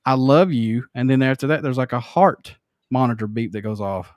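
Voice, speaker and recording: A man's voice: mid-range voice, a little fast, darkish tone, no room sound. Laid-back male podcast host, dry mic. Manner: rambling, self-correcting, laid-back. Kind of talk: casual podcast chat.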